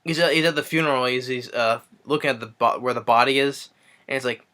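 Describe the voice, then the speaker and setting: A man's voice: mid-range voice, quick pace, sharp tone. A man giving a casual spoken movie review, retelling scenes eagerly with many fillers and restarts.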